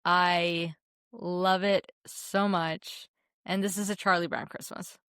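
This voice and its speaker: A young woman co-hosting a film podcast, talking warmly and emotionally about a favorite holiday special, often restarting her sentences. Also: on the low side, flat delivery, takes it slowly, clean tone, no echo, studio quality. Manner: heartfelt, emotional, many restarts. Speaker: podcast co-host. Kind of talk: casual film chat.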